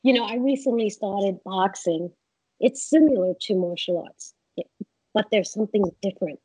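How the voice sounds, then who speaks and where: Woman guest chatting, husky kinda mellow voice, acts out quotes as she tells stories. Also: mid-range voice, normal speed, no room sound, poor audio. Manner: animated storyteller, acts out quotes. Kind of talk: casual interview chat.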